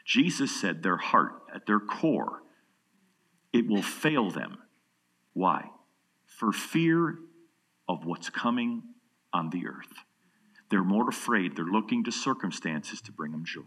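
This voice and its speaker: A man preaching a sermon with lively delivery, dropping to hushed tones and rising to loud emphasis. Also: low voice. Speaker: pastor.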